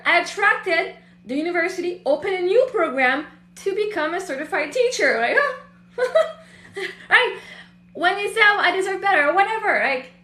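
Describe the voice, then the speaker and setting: High, bright-voiced woman coach, echoey room. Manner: blunt, swears freely, animated storytelling. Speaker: host, emotional healing coach. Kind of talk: casual motivational talk.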